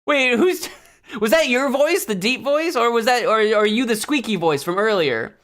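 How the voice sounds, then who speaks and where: A man's voice: very high voice, expressive, moderate pace, fairly bright tone. A man hosting a let's play, reading game dialogue aloud and joking between the lines. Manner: playful, joking, reacts with bursts of laughter.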